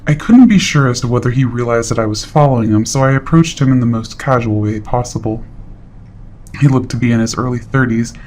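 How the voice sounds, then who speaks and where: A man's voice: mid-range voice, a little fast, a little hiss or hum. Man narrating a horror story. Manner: steady, matter-of-fact storytelling. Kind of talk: scripted narration.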